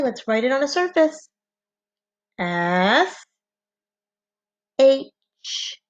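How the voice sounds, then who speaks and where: A woman leads a phonics lesson at a slow, deliberate pace, patient and encouraging as she spells out each letter. Her voice is fairly high and moves a lot, with a gravelly edge. The recording sounds a little dull and lo-fi. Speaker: teacher. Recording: slightly dull lo-fi home recording.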